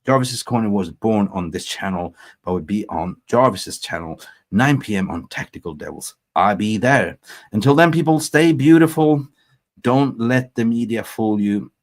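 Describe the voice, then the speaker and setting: Hosting a football fan livestream, this man talks casually and meanders, full of animated ups and downs and chuckles at his own jokes. He speaks at a normal speed with a fairly low pitch.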